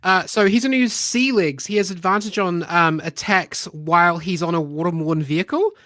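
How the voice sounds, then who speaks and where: A man narrating a tabletop game as game master in a relaxed, rambling way. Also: high-pitched, moderate pace, no room sound, clean studio sound. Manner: relaxed, rambling, many ums and uhs.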